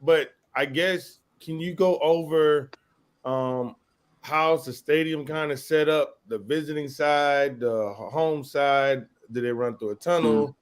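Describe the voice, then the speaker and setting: A man's voice: a little high, slow pace, smooth. A man co-hosting a casual fan chat, asking questions and repeating himself while he plans ahead. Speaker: co-host.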